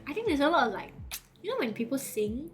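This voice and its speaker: A woman's voice: sits high, very animated, fast talker, over music. A woman chatting casually as a streamer, giggly and chatty with loose grammar. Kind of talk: casual reaction chat.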